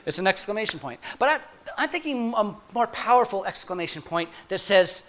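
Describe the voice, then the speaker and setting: A man preaching a sermon in an animated, playful way, full of humorous asides and quick restarts. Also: high voice.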